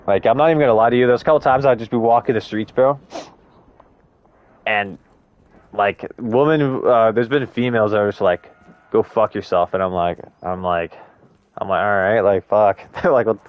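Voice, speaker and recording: A man's voice: fairly low pitch, moderate pace, long pauses, dry recording, muffled recording. A young man chatting casually to viewers while live-streaming a game, with laid-back slang and frequent swearing. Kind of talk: casual gaming stream chat.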